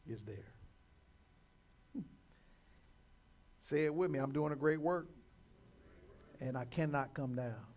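A male pastor preaching a sermon, swinging from loud declarations to quiet, drawn-out lines and calling the congregation to repeat phrases after him. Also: on the high side, gravelly. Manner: repeats and restarts words.

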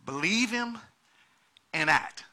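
Slow and expressive, a pastor preaches to his congregation, dropping to hushed, low stretches before building to shouts. Again and again he urges them onward.

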